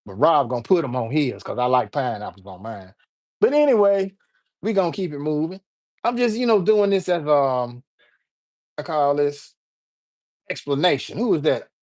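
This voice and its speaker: Animated man chatting on a livestream. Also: fairly high pitch. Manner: animated, repetitive, jokey, addresses viewers directly. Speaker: livestream host. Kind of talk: casual livestream chat.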